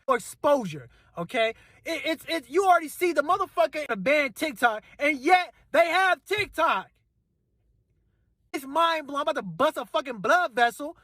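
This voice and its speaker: A man with a notably high voice ranting in heated, cursing bursts, circling back to the same complaints and now and then shouting. The sound is dry and close, with no room echo. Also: expressive, moderate pace. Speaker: commentator ranting to camera. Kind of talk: angry profane political rant.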